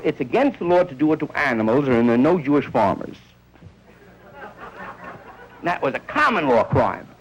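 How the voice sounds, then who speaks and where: Gravelly man doing rambling stand-up. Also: fairly high pitch, slight background noise, low-quality recording. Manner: rambling, acts out characters in quick bits. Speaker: stand-up comedian. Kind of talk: stand-up routine.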